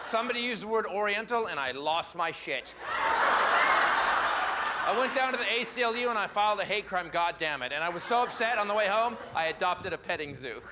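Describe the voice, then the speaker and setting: Comic doing a rushed, high-voiced outraged liberal. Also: male voice, lively intonation, very noisy. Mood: frantic. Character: frantic outraged male liberal caricature.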